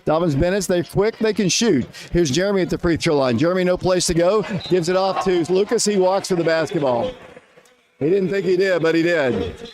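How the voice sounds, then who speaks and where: A man calling a high school basketball game live on the radio, quick and winded, lifting his voice on big plays. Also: noisy background. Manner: rapid, rising excitement on big plays. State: out of breath. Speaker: radio play-by-play announcer.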